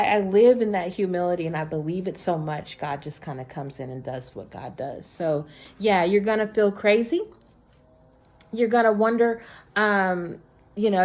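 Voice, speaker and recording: Earnest woman vlogger talking to camera. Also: medium pitch. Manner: earnest, heartfelt, conversational. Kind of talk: casual personal talk to camera. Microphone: built-in camera or phone mic.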